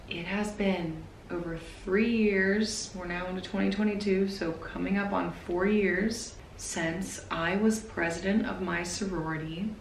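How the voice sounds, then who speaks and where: A woman in her twenties talking to camera in a personal vlog, nervous and emotional, speaking haltingly. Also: on the low side, reverberant, a little hiss or hum, low-quality recording. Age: 20s. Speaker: vlogger.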